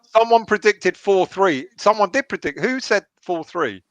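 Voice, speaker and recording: A man's voice: high voice, expressive, measured pace, a bit bright, no echo. A man chatting on a video call with other fans, enthusiastic and given to repeating his lines and laughing. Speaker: fan on a watch-along stream. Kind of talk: excited match watch-along chat.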